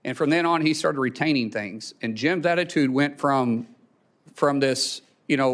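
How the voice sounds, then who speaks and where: A man testifying at a hearing, telling a personal story in a halting way, repeating words and choking up. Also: mid-range voice, fairly bright tone. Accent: Oklahoma. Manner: halting, repeats words, chokes up when emotional. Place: hearing room.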